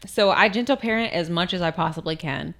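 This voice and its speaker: Relaxed young mom reading comments. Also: female voice, lowish voice, a little fast. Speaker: podcast co-host. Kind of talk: casual chat, reading listener comments.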